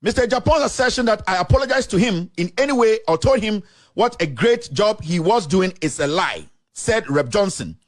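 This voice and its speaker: A man's voice: high-pitched, lively intonation, normal speed, dry recording. A man with a Ghanaian accent, a journalist reading out official statements with emphatic commentary. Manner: emphatic, reads statements aloud, slips into local language. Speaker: journalist presenting documents. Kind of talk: animated commentary to camera.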